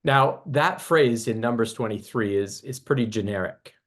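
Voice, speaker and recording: A man teaching a Bible lesson in a measured, explanatory way, restarting phrases now and then as he works through a point. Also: mid-range voice.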